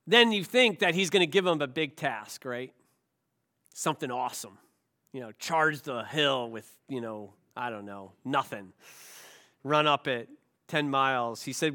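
A male pastor with a medium-pitched voice preaches, posing rhetorical questions. He alternates between quiet, slow lines and loud, emphatic ones.

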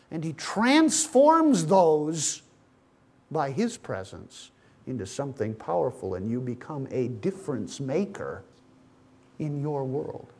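A man's voice: fairly high pitch, a little mellow. A man preaching a sermon, retelling a Bible story and speaking to his listeners as friends. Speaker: pastor.

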